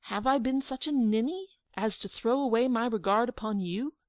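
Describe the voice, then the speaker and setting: A woman's voice: mid-range voice, sing-song, takes it slowly, no echo. A woman reading an audiobook and voicing an indignant young prince who mocks his sweetheart. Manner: mocking, laughing and indignant.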